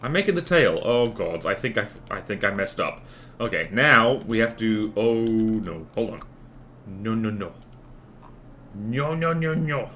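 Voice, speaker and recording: Male streamer, lively pitch, jokey self-talk, faint typing noise behind. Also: a little slow. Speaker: game streamer. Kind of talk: casual gameplay commentary.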